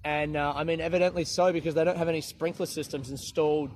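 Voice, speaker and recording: A man's voice: a little high, steady tone, fast, a little mellow, a little hiss or hum. A man hosting his own podcast in casual solo chat, rambling, swearing freely and poking fun at himself while sitting in an outdoor city garden without his proper microphone. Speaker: podcast host. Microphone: no proper microphone, lower-quality recording.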